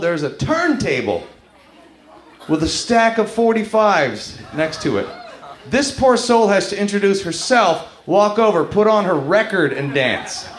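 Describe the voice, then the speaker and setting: Stand-up man, high lively voice, profane act-out storyteller; echoey club, roaring crowd. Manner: animated storytelling, profane, acts out characters. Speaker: stand-up comedian. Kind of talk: stand-up comedy set. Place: comedy club stage before a live crowd. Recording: echoey club room, loud crowd noise. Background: audience laughter.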